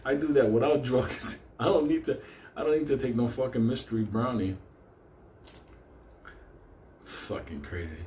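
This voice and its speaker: With a mid-range voice in a middle register, a show host tells an animated comic story full of heavy swearing and bursts of laughter, at normal speed but with long pauses. The room echoes noticeably, faint ambience sits behind him, and there's a little hiss or hum.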